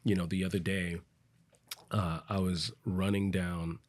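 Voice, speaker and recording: A man's voice: little pitch movement, a little slow. Earnest man telling a story. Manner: earnest, acts out quoted voices, low and soft at emotional points. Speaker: podcast guest, business coach. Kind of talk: storytelling in casual interview.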